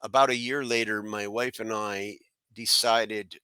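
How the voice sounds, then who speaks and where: A middle-aged man from South Florida tells a long personal story in a bright, forceful voice that sits a little low. He rambles with plenty of fillers and restarts. The recording is dry and close. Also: steady tone, unhurried, clear, resonant tone, dry recording. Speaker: guest. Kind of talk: casual storytelling.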